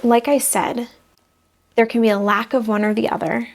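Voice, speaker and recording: A woman's voice: fairly high pitch, flat delivery, moderate pace, gravelly. A young woman talking casually to camera, reflective, acting out small example voices as she explains. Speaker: vlogger sharing personal growth advice.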